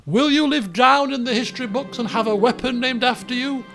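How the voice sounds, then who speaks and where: A man giving casual gameplay commentary, rambling with lots of fillers and the odd excited outburst. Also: very high-pitched, brisk, gravelly, hardly any pauses, soft background music. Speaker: let's play gamer.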